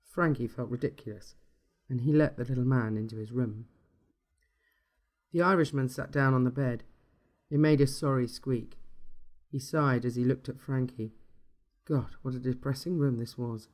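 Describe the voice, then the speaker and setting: A man reading a dark short story aloud in a steady, measured storytelling manner. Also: mid-range voice. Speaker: narrator.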